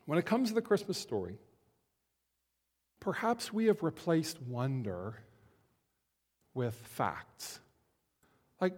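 A man giving a conversational Christmas sermon as a pastor, slowing down to stress key words. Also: fairly high pitch, animated. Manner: conversational, slows down for emphasis. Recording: long hall reverb.

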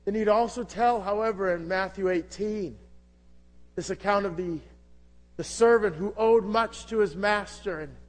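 A man preaching an impassioned sermon, asking rhetorical questions and swinging between loud and hushed delivery. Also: high-pitched, moderate pace. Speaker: pastor.

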